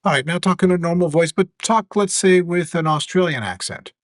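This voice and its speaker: Man, teacher, earnest and measured explanation, fairly high voice, dry close sound. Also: no echo. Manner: measured, earnest, some fillers. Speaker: teacher demonstrating AI tools. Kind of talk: explanatory lesson with live demo.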